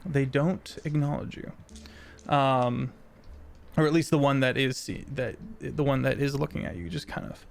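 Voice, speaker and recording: A man narrating a tabletop role-playing game as game master, halting with many fillers. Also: mid-range voice, fairly even intonation, gravelly.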